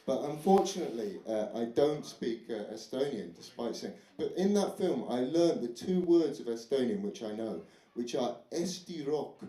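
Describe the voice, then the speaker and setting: In an echoey club full of audience noise, a young comedian with a medium-pitched, mellow voice does a stand-up set at normal speed. His delivery is expressive, chatty and self-mocking, with occasional put-on foreign voices.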